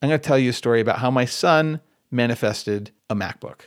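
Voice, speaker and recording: A man's voice: mid-range voice, a little fast, clear, resonant tone, no echo, studio quality. A man hosting a podcast, telling a long personal story in a casual, rambling way and often correcting himself as he goes. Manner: conversational, rambling with self-corrections. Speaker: podcast host. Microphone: podcast microphone at computer.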